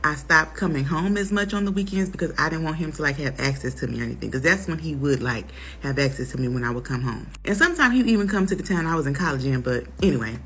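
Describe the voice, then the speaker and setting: A young woman telling a personal story in a casual, animated way, acting out what others said. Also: sits low, fast talker, hardly any pauses. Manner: animated, acts out quotes in others' voices.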